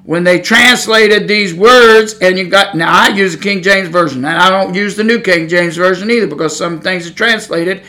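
Man, preacher, high voice, bright, blunt, folksy, emphatic sermon. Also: normal speed, few pauses. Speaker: Pentecostal preacher.

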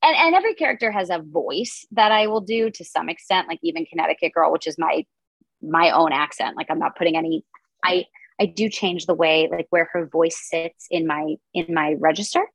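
Chatty woman with a gravelly low voice. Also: brisk, no room sound, rough recording. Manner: chatty, lots of "like" fillers. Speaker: comedian guest. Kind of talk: casual interview chat.

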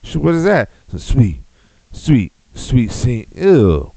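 A man's voice: medium pitch, sing-song, slow pace, vocal fry, dark tone, no echo, low-quality recording. A man hosting a podcast, ranting in a profane, mocking way. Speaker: podcast host.

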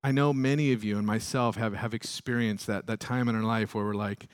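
A male pastor preaching a sermon, climbing loud and high when stirred, then dropping low and soft, and acting out prayers and quoted voices. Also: fairly even intonation, a little fast, few pauses, clear, resonant tone, dry recording, studio quality.

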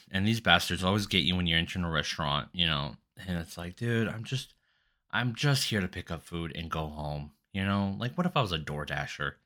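A man hosting a solo podcast, telling a story in a rambling, profane and exasperated way. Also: low voice. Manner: animated, exasperated. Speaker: podcast host.

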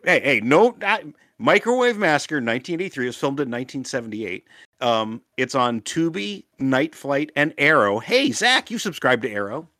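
A man co-hosting a podcast in casual chat, animated and often laughing. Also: medium pitch, moderate pace, no room sound, studio quality. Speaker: podcast co-host.

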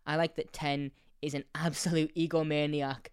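A man's voice: a little high, flat delivery, normal speed, smooth, no room sound, clean studio sound. A man co-hosting a casual podcast, talking animatedly, laughing often, repeating words and swearing. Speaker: podcast co-host. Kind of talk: casual chat.

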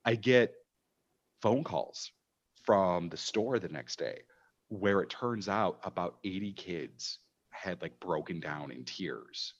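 A man with a deep, low voice tells a long anecdote about running a game for kids. He talks in an animated, emphatic way, full of fillers and restarts, as in a casual panel chat. The sound is somewhat dull and lo-fi. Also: slow pace. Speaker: game master telling a story.

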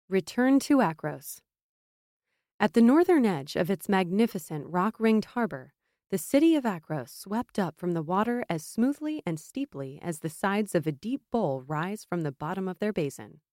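Lady reading a fantasy audiobook, steady expressive telling, dead dry mic. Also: medium pitch, no room sound. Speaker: audiobook narrator. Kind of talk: scripted narration.

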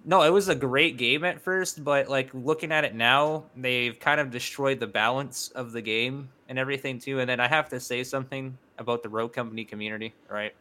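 A man's voice: medium pitch, brisk, few pauses, sharp tone. A man talking as a podcast guest in casual chat, rambling with lots of fillers and swearing.

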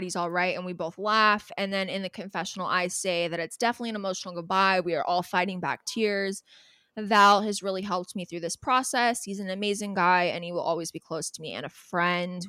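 A woman's voice: fairly low pitch, no room sound. A young woman co-hosting a podcast, chatting casually and telling a story with lots of acted-out quotes and laughter. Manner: animated storyteller, acts out quoted people, laughs often. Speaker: podcast co-host. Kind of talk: casual chat recapping a reality show.

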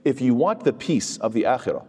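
A man teaches Quran commentary at a brisk clip, mixing recited Arabic verses into his English. His voice is mellow and dark. He asks rhetorical questions and answers them himself, and the sound trails off in a long, hall-like reverb. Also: mid-range voice, very animated, breathy edge. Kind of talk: conversational religious lecture.

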